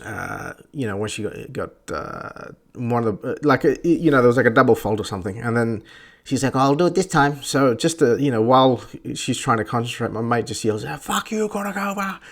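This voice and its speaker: A man's voice: mid-range voice, a little fast, creaky. A young Australian man ranting crudely and sarcastically on a casual podcast, cutting in with mocking voices. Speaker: podcast host. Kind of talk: casual rant.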